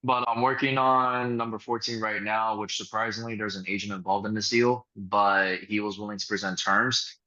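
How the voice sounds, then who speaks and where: Brash real estate closer, man, loud and forceful delivery, dull lo-fi call sound. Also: fairly low pitch, fairly even intonation, moderate pace, few pauses. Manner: profane, swaggering storyteller acting out others. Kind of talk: casual group video call. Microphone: video call.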